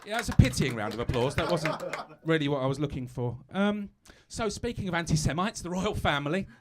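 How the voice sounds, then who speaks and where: British guy doing stand-up, high voice that jumps around a lot, chatty and self-mocking. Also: expressive, fairly quick, background noise. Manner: chatty, self-mocking, stumbling over asides. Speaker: stand-up comedian. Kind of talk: stand-up comedy set. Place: live comedy stage.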